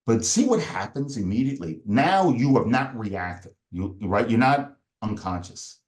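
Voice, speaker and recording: Hombre con entonación muy expresiva. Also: male voice, mid-range voice, lively intonation, moderate pace. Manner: explains step by step, acts out angry inner voices. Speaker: performance coach. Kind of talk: podcast interview.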